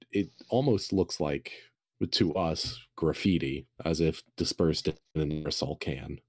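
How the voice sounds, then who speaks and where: A man narrating as game master, describing rooms slowly with many fillers and pauses. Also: low-pitched, darkish tone, no room sound, clean studio sound. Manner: slow, hesitant, filler-heavy descriptions.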